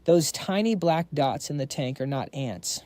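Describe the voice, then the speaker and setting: A man's voice: a little high, animated, a little slow, darkish tone. A man narrating a story recap in a dramatic, breathless storytelling manner.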